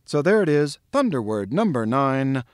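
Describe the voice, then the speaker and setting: A man giving a pronunciation tutorial on a literary passage, explaining calmly and drilling the words syllable by syllable. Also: medium pitch, moderate pace, no room sound, clean studio sound.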